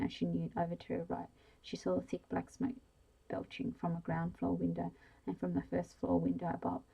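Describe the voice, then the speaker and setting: A woman reading a bedtime story aloud in whispered role-play. She reads slowly and soothingly, with a few small slips. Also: fairly low pitch, creaky, warm tone, husky, poor audio.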